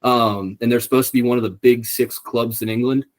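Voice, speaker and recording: A man's voice: mid-range voice, steady tone, fairly quick. A young man co-hosting a podcast in casual chat, rambling with lots of ums and swearing freely. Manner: rambling, profane, many ums. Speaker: podcast co-host.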